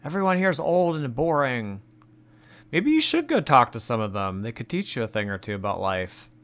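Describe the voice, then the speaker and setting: A man's voice: medium pitch, big pitch swings, normal speed, fairly bright tone. A man hosting a reaction commentary, making sarcastic, mocking remarks about the clips. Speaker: commentary host.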